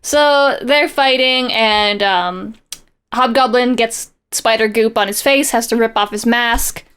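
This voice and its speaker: A woman's voice: a little high, slow, a bit bright, clean tone. A young woman co-hosting a podcast, chatting casually and sarcastically while recapping a comic, laughing often. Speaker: podcast co-host.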